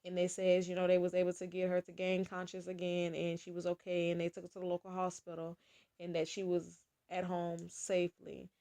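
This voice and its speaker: A woman's voice: on the low side, completely flat delivery, brisk, dark tone. A woman vlogger chatting casually about celebrity gossip, talking straight to her viewers and laughing often.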